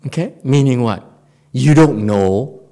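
A Buddhist teacher with an extremely low, slightly slow voice gives a dharma talk on Chan stories. She is animated, laughing often and frequently checking in with her audience.

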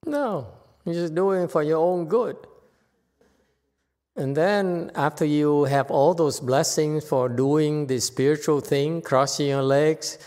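Playful monk teaching in an echoing hall. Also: male voice, a little high, slow pace, a little mellow. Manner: playful, laughs often, short broken phrases. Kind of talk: informal dharma talk. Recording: reverberant hall.

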